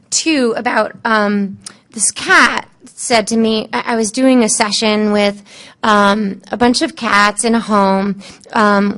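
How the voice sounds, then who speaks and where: Woman, fairly high voice, panel storyteller, lively quoting, halting with fillers. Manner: lively, quotes animals and people in changing tones; halting, frequent fillers and restarts. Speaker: animal communicator panelist.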